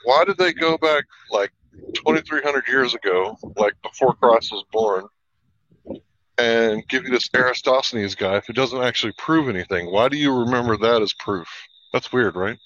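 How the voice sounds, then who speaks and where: A man's voice: mid-range voice, normal speed, a bit bright, no room sound. A man hosting a live stream, pressing his guest with pointed debate-style questions. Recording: dull lo-fi dry sound.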